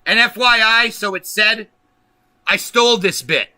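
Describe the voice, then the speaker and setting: A man's voice: sits high, unhurried, bright, forceful tone, dry recording. A man hosting a political livestream, ranting angrily and emphatically with lots of profanity. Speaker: livestream host.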